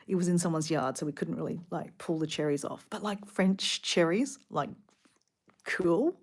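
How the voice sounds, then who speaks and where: A middle-aged woman with an Australian accent tells a casual story straight to camera. Her voice sits slightly low, and she rambles in a chatty, animated way, full of asides. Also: normal speed. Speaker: vlogger. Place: hotel room.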